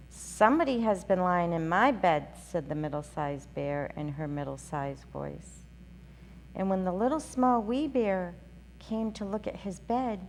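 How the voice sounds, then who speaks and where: A woman hosting a children's story show, reading a storybook aloud in a gentle, sing-song way. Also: fairly low pitch. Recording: reverberant room with faint hum.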